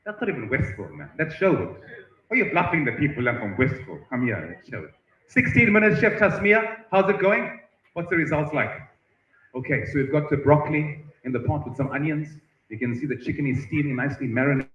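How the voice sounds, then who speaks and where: A man hosting at a festival tent, chatting with and teasing visitors in a lively way. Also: fairly high pitch, brisk. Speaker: event host interviewing visitors. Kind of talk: roving live-stream banter. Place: busy outdoor festival tent. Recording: echoey, muffled stream audio with crowd noise.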